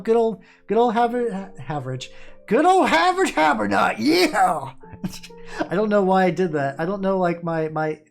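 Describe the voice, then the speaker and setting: A VTuber streamer chats in a rambling, easygoing way while painting, and often restarts and repeats words before trailing off. The voice sits in a middle pitch, and soft music plays quietly behind it. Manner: rambling, chatty, trails off into mumbles. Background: faint music playing.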